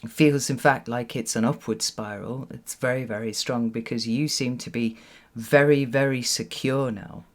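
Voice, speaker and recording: Gravelly-voiced tarot reader, reflective. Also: mid-range voice, fairly even intonation, normal speed, hardly any pauses. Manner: reflective, often asks "right?" and repeats words for emphasis. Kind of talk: solo tarot reading to camera. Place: home with children nearby.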